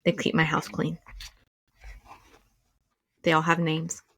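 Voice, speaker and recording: A woman co-hosting a podcast talks in a relaxed, chatty way. She leans on fillers and laughs easily. Her voice sits low, and the recording is dry and close. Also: slow, creaky, no room sound. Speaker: podcast co-host. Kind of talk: casual chat.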